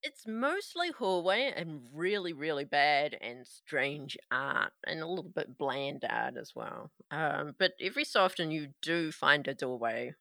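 Bright-voiced woman game master. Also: sits low, measured pace, vocal fry, few pauses, no echo, studio quality. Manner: relaxed, laughs easily. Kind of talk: narrating a tabletop game.

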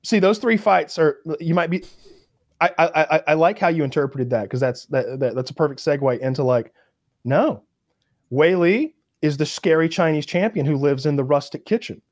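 A man's voice: a little high, normal speed. A man chatting casually on a podcast, telling fight stories and acting out what people said. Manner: animated storyteller acting out quotes.

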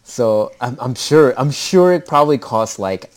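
A man's voice: medium pitch, animated, unhurried. A man co-hosting a casual movie podcast, rambling with lots of fillers and swearing freely. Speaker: podcast co-host. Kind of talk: casual chat about movies.

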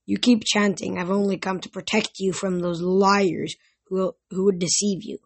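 A sneering, arrogant ghost king with a husky, breathy edge, as a woman reads him aloud in a storybook. He talks down to everyone, smug and mocking. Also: medium pitch, level tone, normal speed.

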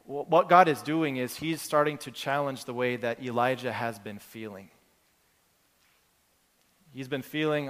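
In a large church hall with long reverb, a pastor preaches earnestly and conversationally, restarting phrases while working through everyday examples. His voice is an ordinary middle pitch, a bit bright, at a moderate pace.

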